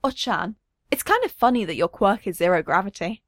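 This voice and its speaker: A friendly teenage schoolgirl chatting casually and admiringly, with lively ups and downs, as a woman reading the story puts her on. It is a storybook reading with a close, dry sound. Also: mid-range voice, fairly quick, no echo.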